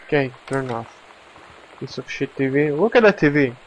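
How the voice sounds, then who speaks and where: A man's voice: mid-range voice, lively intonation, normal speed, rough recording. A man giving casual let's play commentary, reading in-game texts aloud, stumbling over words and laughing at himself, recorded at home at his computer.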